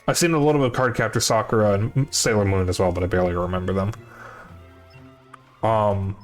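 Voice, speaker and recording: A young man streaming, chatting casually to his viewers, rambling and correcting himself as he goes, with the odd curse. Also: on the low side. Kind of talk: casual chat to a live chat. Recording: faint music behind voice.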